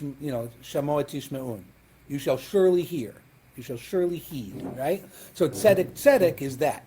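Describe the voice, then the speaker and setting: A man's voice: a little high, warm tone, slight background noise. A man, a rabbi, lecturing a Talmud class, explaining texts step by step, reading Hebrew and Aramaic terms and checking in with "right?".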